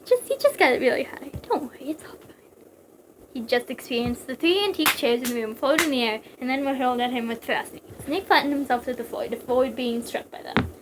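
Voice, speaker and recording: A woman's voice: sits high, fast talker, background noise. A young woman casually reading a story aloud, breaking off for giggly jokes. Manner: giggly, joking digressions. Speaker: reader.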